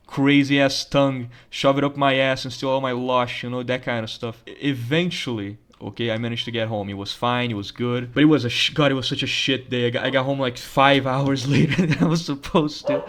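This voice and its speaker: A young man doing casual gameplay commentary in a voice of middling pitch. He rants with plenty of swearing and breaks into laughter often. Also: fairly bright tone. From Brazil. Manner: profane, ranting, laughs often. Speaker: gaming channel host.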